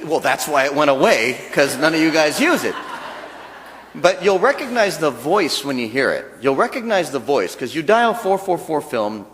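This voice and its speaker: A man's voice: on the high side, big pitch swings, normal speed, fairly bright tone, slight background noise. A man giving a chatty, joking dharma talk as a temple minister. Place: temple hall. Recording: long reverb of a temple hall.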